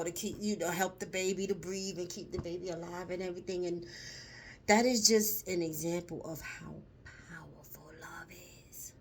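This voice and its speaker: Speaking on the low side, with a little hiss or hum audible, a vlogger talks casually to her viewers. She goes slowly, swearing and emphasizing as she lingers on words, and her voice catches with emotion during a story.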